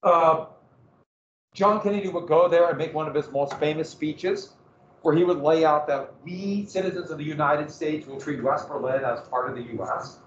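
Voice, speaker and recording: A man giving a history lecture in a lively, conversational way with joking asides. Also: fairly high pitch, moderate pace, a little hiss or hum. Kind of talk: classroom lecture. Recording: echoey room, dull lo-fi sound.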